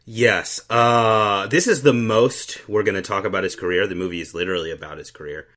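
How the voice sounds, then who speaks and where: A man hosting a casual comedy podcast, animated and quick to laugh, often stumbling over his words. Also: lowish voice. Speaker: podcast host.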